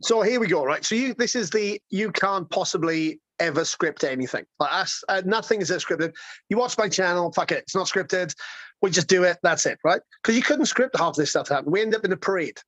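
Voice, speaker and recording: A man guest telling a road-trip story in a casual, excitable way, swearing and rambling with lots of restarts. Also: high-pitched, brisk, no echo.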